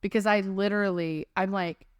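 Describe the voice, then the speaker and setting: A woman's voice: medium pitch, moderate pace, smooth, no echo, studio quality. A woman co-hosting a podcast, chatting animatedly and telling stories. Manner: animated, laughing, storytelling. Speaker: podcast co-host. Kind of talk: casual chat.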